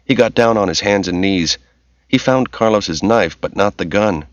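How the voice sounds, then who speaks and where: A man giving steady, measured scripted narration of a novel, in a dull, lo-fi audiobook recording. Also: lowish voice, no echo.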